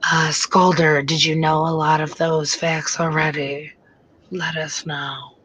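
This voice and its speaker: A woman co-hosting a casual livestream, reading facts and jokes in a soft, slow, mock-ASMR voice. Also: low-pitched, level tone, slight background noise, rough recording.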